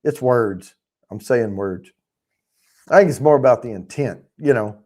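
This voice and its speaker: A man's voice: medium pitch, expressive, measured pace, dark tone. A man hosting a casual livestream, rambling and chatting with viewers in the chat, swearing freely as he talks. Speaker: livestream host.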